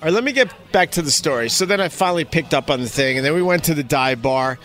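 Bright-voiced man, rambling and self-mocking. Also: fairly high pitch, lively intonation, fast. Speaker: podcast host. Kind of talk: casual storytelling. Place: restaurant table over a meal.

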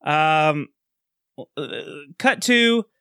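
A man co-hosting a casual movie-review podcast, animated and laughing, often restarting his sentences. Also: on the high side, drawn-out words, clean tone, no room sound, clean studio sound. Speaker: podcast co-host.

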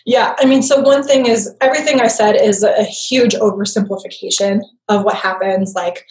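A woman's voice: medium pitch, fairly even intonation, normal speed, a little mellow. Woman explaining in a roomy echo. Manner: conversational, frequent tag "right?". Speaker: guest expert on attachment. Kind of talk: explanatory interview talk.

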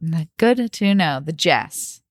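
Lively, chatty woman co-host. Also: sits low, slow, no echo, clean studio sound. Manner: chatty, reactive listener. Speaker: podcast co-host. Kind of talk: casual chat.

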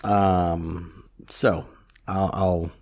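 Man, podcast co-host, lowish voice, relaxed chat, trivia asides. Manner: chatty, quick reactions and trivia asides. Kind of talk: casual movie podcast chat.

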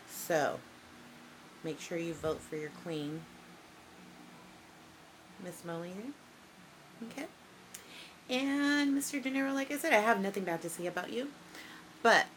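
Brash, slow-talking woman cutting a promo. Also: lowish voice, a bit bright, slight background noise, low-quality recording. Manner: brash, profane, mock-menacing. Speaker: wrestling show host. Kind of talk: wrestling promo to camera.

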